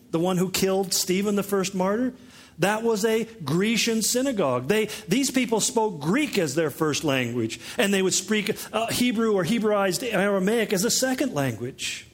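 A pastor preaching a conversational sermon, teaching with joking asides. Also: male voice, high voice, animated, normal speed.

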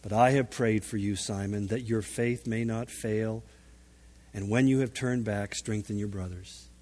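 A man preaching, voicing a gentle male teacher who speaks softly and slowly to a friend. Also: on the low side, steady tone, voice pushed down. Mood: tender. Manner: soft, slow, tender. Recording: long reverb of a large hall.

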